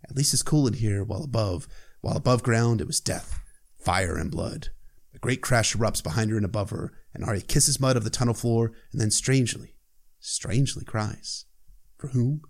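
A man's voice: lowish voice, moderate pace, vocal fry. A man casually recapping a book chapter as a podcast host, irreverent and profane, with joking asides.

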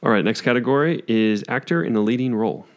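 A man's voice: mid-range voice, fast talker. A man hosting a podcast, moving through the categories with sarcastic remarks. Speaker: podcast host. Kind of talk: casual chat.

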